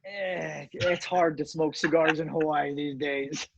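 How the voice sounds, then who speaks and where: A man's voice: a little high, fairly even intonation, unhurried, vocal fry, no echo. A middle-aged man, a guest in a casual interview, telling a personal story earnestly with many fillers and restarts. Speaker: cigar company owner, guest. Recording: dull, dry lo-fi audio.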